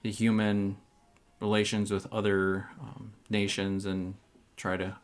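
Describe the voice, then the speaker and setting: A man's voice: on the low side, level tone, measured pace. A man playing a tabletop game, speaking hesitantly and full of ums as his character. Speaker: player.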